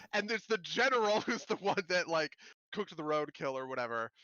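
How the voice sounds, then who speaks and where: A man's voice: on the high side, very animated, moderate pace, bright, forceful tone, dry recording, dull audio. A man co-hosting a podcast in casual chat, rambling and laughing as he mock-quotes TV shows. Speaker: podcast co-host.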